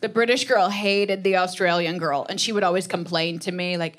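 A woman in her thirties performing stand-up comedy, with an animated, punchy delivery and acted-out quotes. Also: fairly low pitch, brisk, few pauses. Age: 30s.

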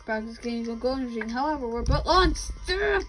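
High-voiced young woman playing a game. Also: lively intonation, moderate pace, a bit bright, soft background music, low-quality recording. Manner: reads game characters' lines aloud and answers them. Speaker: gamer. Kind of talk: casual game commentary.

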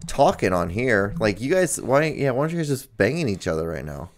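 Rambling man with a lively voice. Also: mid-range voice, fairly quick. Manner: rambling, filler-heavy, lots of "like". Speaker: podcast co-host. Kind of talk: casual chat, reading out personal ads.

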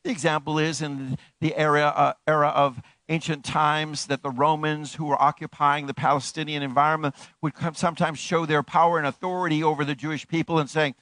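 A man's voice: steady tone, a little fast, fairly bright tone, dry recording. Emphatic male preacher, dry sound. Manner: preaching with wide swings in pitch and volume; emphatic, repeating key phrases. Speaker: pastor. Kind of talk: sermon.

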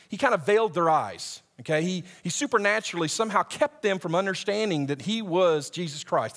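A man's voice: fairly high pitch, fairly bright tone. A young male camp director preaching a conversational sermon, asking the audience questions and reading scripture aloud. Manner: reads scripture aloud at a quicker pace. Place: church hall before a live audience.

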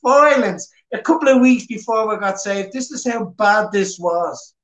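A man's voice: high-pitched, measured pace, a bit bright. A man with a Dublin Irish accent telling his personal testimony at church in an earnest, plain-spoken way. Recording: echoey church hall.

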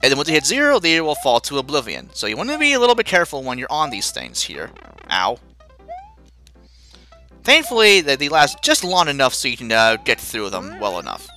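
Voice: mid-range voice, huge pitch swings, a little fast, pushed and bright. A let's play host giving self-mocking gameplay commentary, with sudden panicky outbursts. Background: faint game music.

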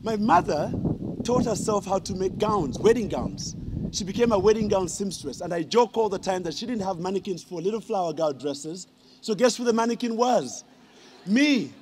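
A man's voice: sits high, darkish tone, slight background noise. A man, giving a humorous ceremonial speech and teasing the audience with questions. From Uganda. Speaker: honorary degree recipient giving a speech.

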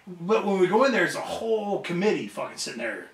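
Man, wrestler guest; lively, high-ish storyteller voice, profane, acts out dialogue; roomy, distant mic. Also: quick pace. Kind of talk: casual storytelling interview. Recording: echoey room, mic at a distance.

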